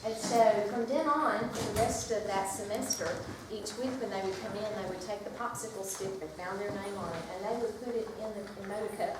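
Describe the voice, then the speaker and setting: A woman teacher talks to a group in a lively, chatty way and now and then reads a picture book aloud. She sits far from the mic in a large room with heavy echo. Steady noise runs underneath. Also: medium pitch, fairly quick, hardly any pauses. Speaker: teacher leading a workshop. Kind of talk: classroom workshop talk.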